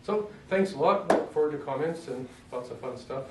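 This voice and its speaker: A man teaching a casual self-defense demonstration lesson in a relaxed, joking way, often clearing his throat. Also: fairly high pitch, normal speed, very noisy. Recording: roomy echo, mic far off, faint ambience.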